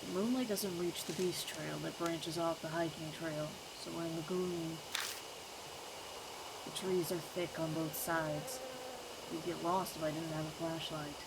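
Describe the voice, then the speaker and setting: A woman streaming a game, reading its text aloud in a low murmur and breaking into loud joking reactions. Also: fairly even intonation, unhurried, creaky, heavy background noise. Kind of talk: voicing a game playthrough with reactions. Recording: game music playing loudly behind.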